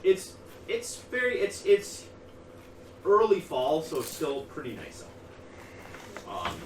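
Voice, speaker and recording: A man running a tabletop game, describing scenes with fillers and pauses. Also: fairly high pitch, wildly swooping pitch. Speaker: game master. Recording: echoey room, distant mic, noisy.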